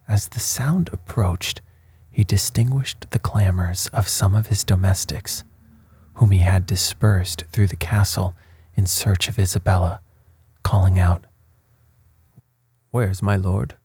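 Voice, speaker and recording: A man reading a gothic novel aloud as a calm, soft bedtime story. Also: deep voice, husky, dry recording. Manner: slow, soft, even. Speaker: sleep story reader.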